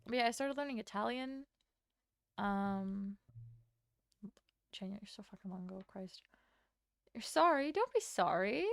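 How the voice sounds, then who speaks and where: A woman's voice: mid-range voice, lively intonation, a little slow, vocal fry, pauses often, no room sound, clean studio sound. A young woman streamer whose first language is Latvian, rambling casually while she draws, swearing now and then and answering her chat. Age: young adult.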